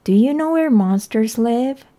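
A woman reading aloud voices an excitable young girl who is hiding a monster, lifting her voice high and eager. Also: measured pace. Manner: bright, raised and eager.

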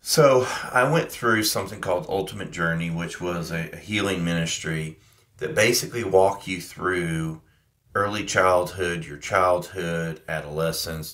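Deep-voiced, bright-toned man podcast host. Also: fairly even intonation, measured pace. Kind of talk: casual podcast conversation.

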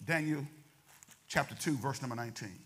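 A man preaching a sermon as pastor, talking fast and calling out to the congregation. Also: medium pitch, a bit bright.

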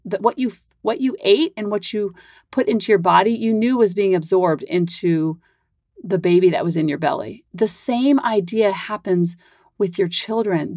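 A woman's voice: medium pitch, a little mellow, no echo, clean studio sound. A woman hosting her own parenting podcast, chatting casually in a Valley-girl-ish way full of "like". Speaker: podcast host and parent coach.

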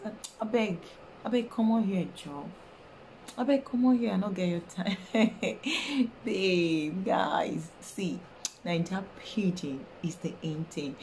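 A woman's voice: sits low, vocal fry, dark tone, a little hiss or hum, rough recording. A Nigerian woman giving a playful casual lesson, sometimes whispering her example phrases. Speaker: language teacher, vlogger.

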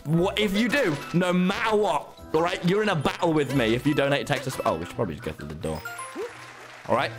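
Man, game stream commentary, lively voice, slightly high, excitable, swears. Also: quick pace, music in the background. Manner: excitable, swearing, talks back to chat. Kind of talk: live gameplay commentary.

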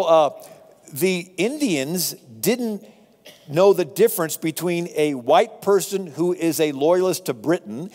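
A man lecturing on history, telling it as a lively story to a live audience with asides. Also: a little high, in a large hall. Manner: animated, conversational storytelling with asides. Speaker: speaker on history.

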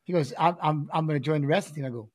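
A man's voice: a little high, rapid-fire, a little mellow, slightly rough, dry recording, clean studio sound. A middle-aged man, a guest and volunteer coach, telling stories in casual chat and acting out quotes. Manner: storytelling, acts out quotes of his son and himself. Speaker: guest, former fighter; volunteer high school coach.

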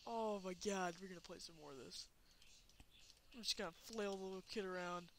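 A woman giving let's play commentary, excitable, laughing and shrieking, cursing at the game. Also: mid-range voice, a little fast, a little hiss or hum. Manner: swears and exclaims at the game. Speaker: gameplay commentator.

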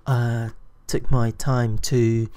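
A man giving a screen-recorded coding tutorial, thinking aloud in an unhurried way with frequent fillers. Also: mid-range voice, flat delivery, mellow. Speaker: programming tutor.

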